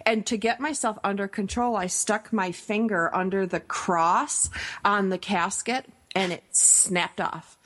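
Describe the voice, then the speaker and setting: A woman from a small town in northern New York, telling funny stories in casual chat as a guest on a radio talk show, animated and quick to giggle. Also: medium pitch. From small town in northern New York State. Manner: animated, giggly, self-deprecating storyteller.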